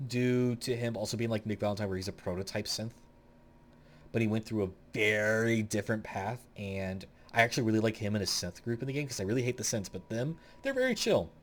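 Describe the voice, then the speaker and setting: A man's voice: medium pitch, lively intonation, fast talker. A young man hosting a casual tier-list video, rambling through blunt opinions with plenty of swearing. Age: young adult. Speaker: gaming video host.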